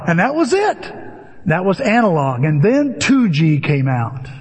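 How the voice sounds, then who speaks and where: Older male pastor, high and lively delivery, lots of swoops, story-driven sermon. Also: a little slow, husky, big-room sound. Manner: animated storytelling with acted-out voices.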